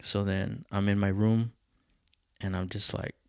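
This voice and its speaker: With a low, gravelly yet smooth voice, a podcast host speaks a little slowly on a dry, studio-quality track. He shares a personal anecdote in casual, profane fashion, animatedly voicing the people involved.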